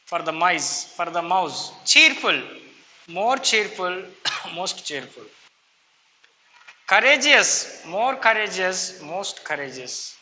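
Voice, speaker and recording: A man with an Indian English accent teaches grammar in a high, very bright voice, his words set slow and deliberate. His voice rings with a long reverb, and faint room noise sits behind it. He drills word lists, lifting the first form and dropping the last. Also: sing-song. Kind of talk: classroom grammar lesson.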